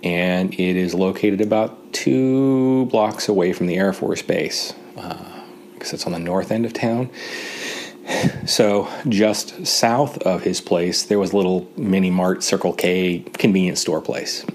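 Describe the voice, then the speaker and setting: A man from Montana telling a wry personal anecdote in a relaxed way, with pauses and fillers. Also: low-pitched, slight background noise. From Great Falls, Montana, USA. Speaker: storyteller.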